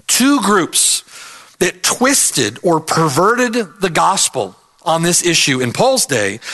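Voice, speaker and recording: An earnest male preacher delivering an expository sermon. His voice sits a little high and swings widely in pitch. He hammers his points home by restating them emphatically. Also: a bit bright.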